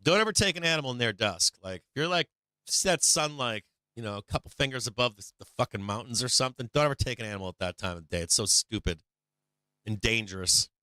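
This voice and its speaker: A man's voice: medium pitch, animated, fast, bright, forceful tone, clear, resonant tone, dry recording, clean studio sound. A man hosting a live stock market stream, telling a rambling, profane story with lots of fillers between market remarks.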